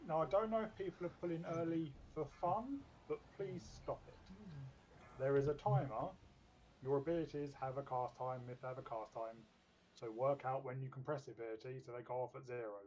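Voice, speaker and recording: A man's voice: mid-range voice, fairly even intonation, fast talker, a little mellow, low-quality recording. Man firmly scolding his raid team. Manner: firm, scolding instructions. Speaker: raid member. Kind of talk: casual voice chat while gaming.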